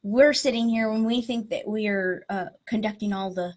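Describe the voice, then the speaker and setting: A woman's voice: medium pitch, normal speed, poor audio. A woman hosting a live library book discussion, chatting casually, laughing often and reading passages aloud. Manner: giggly, animated, laughs often. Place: public library.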